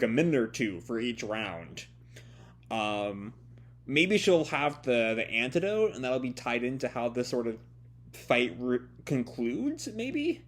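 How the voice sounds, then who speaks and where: A man reacting live to a comic chapter in a loose, hesitant way, often stopping to restart his sentences. His pitch sits in the middle range for a man. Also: slightly rough. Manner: hesitant, many fillers and restarts. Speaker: manga reviewer. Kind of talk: casual live reading commentary.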